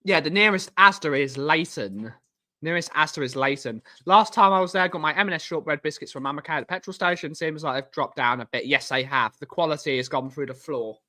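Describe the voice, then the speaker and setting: A man's voice: on the high side, brisk, sharp tone. A young man hosting a live stream, rambling casually and answering viewers by name as he reads the chat aloud. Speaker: livestream host reading chat.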